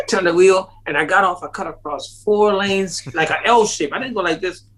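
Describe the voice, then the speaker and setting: The speaker is a man talking a little fast as an interview guest, caught up in a long, lively story. He laughs frequently and acts out the voices of the people in it by pitching sharply upward, and the recording is rough.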